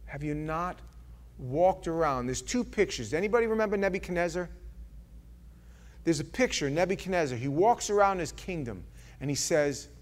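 A man delivers a sermon from the pulpit, earnest and pleading. His voice sits fairly high for a man, and he drops from strong, loud passages into quiet, hushed ones. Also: lively intonation, normal speed. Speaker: pastor.

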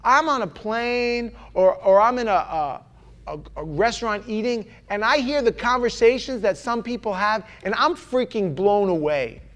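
A male preacher from New York with a fairly high voice, delivering a sermon. He is animated and playful, acting out voices and jokes as he goes. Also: normal speed.

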